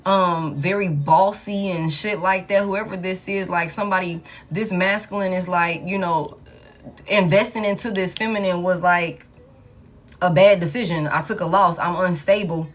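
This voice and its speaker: A woman's voice: on the low side, steady tone, moderate pace. A woman, chatting casually to her viewers as she reads tarot cards aloud in a live stream. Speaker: tarot reader.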